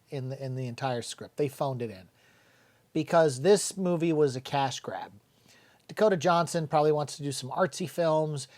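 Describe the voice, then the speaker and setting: Middle-aged man, film reviewer, blunt and profane, mocks what he reviews, slightly high voice. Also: darkish tone. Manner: blunt, swears freely, mocking quotes of lines. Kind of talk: casual spoken movie review.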